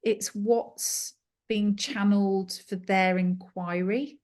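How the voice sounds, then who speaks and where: A woman being interviewed as a clairvoyant guest over a video call, talking in a chatty, animated storytelling way. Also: medium pitch, slow pace. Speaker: clairvoyant and angel card reader guest.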